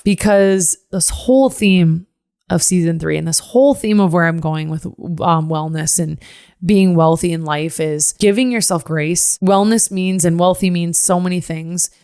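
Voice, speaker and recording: A young woman hosting her own podcast, talking candidly and emotionally from an office chair at home, swearing freely and breaking into sudden high exclamations. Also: a little mellow, no room sound, clean studio sound. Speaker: podcast host. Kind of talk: candid solo podcast monologue.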